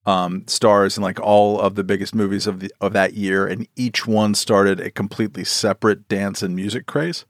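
Low-voiced wry man, dry sound. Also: flat delivery, moderate pace, hardly any pauses, no room sound. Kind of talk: casual podcast chat.

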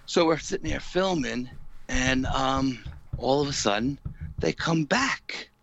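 Forceful man telling a spooky story. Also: mid-range voice, lively intonation, unhurried, creaky, dull audio. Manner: vivid storyteller, many fillers, acts out quotes. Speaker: paranormal investigator, guest. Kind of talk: animated storytelling in an interview.

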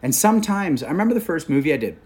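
A man's voice: on the high side, sing-song, racing, darkish tone. A man in his forties from Canada, an actor talking candidly and animatedly as an interview guest. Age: 40s. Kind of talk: casual storytelling conversation.

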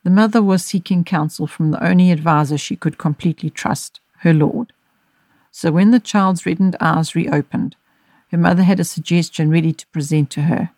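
Woman narrator, measured gentle storybook reading, dry close mic. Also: lowish voice, dry recording. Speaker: audiobook narrator and podcast host.

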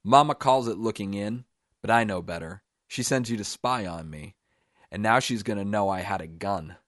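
A man voicing a simple-minded young man ruled by his mother, talking in a loud, eager, childlike way. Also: on the low side, normal speed, no echo, studio quality, lightly acted. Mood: insistent.

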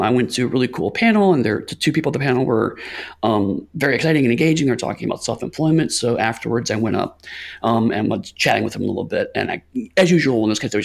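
An American man telling stories on a podcast, animated and quick to laugh. His voice has a gravelly edge and swings widely in pitch. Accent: General American. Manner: animated storyteller, laughs a lot. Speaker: podcast co-host. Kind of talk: casual chat.

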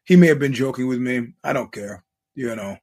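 A man's voice: mid-range voice, fairly quick, darkish tone. A man hosting a podcast, talking casually in a rambling way, restarting his sentences often and quoting other people as he goes. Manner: rambling, frequent restarts, quotes others in voices. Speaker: podcast host. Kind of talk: casual monologue to listeners.

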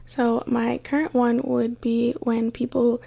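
A woman's voice: fairly high pitch, little pitch movement, slow pace, creaky, slightly rough. Light-voiced young woman chatting on a podcast. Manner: light, chatty, says she talks softly on the podcast. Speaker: podcast host. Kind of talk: casual solo podcast storytelling.

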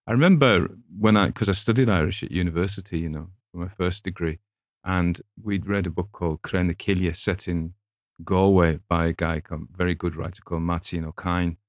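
Deep-voiced middle-aged man, rambling chat. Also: steady tone, fairly quick, dry recording, studio quality. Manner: discursive, anecdotal, chuckling asides. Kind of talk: casual rambling book chat.

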